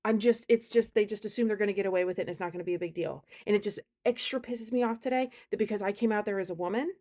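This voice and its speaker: This is a woman vlogging a storytime rant straight to her audience. She talks loudly and emphatically, sounding exasperated, and her voice sits in an ordinary middle pitch. She leans hard on the points she wants to land. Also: racing.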